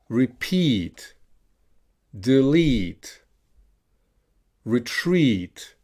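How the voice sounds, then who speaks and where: A man's voice: medium pitch, a little mellow. A man teaching English pronunciation with a British accent, reading out single words one by one for students to repeat. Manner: slow, deliberate enunciation of single words with pauses. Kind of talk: pronunciation lesson with repeat-after-me drills.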